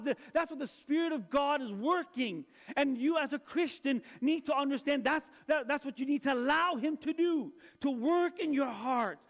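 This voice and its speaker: A middle-aged male pastor preaching a sermon in an earnest, confessional way, often restarting his phrases. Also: very high-pitched.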